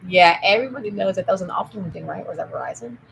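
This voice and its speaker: A woman in a rambling solo monologue who jumps between topics, swears, and swings from loud outbursts to low mutters. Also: rapid-fire, gravelly, a little hiss or hum, rough recording.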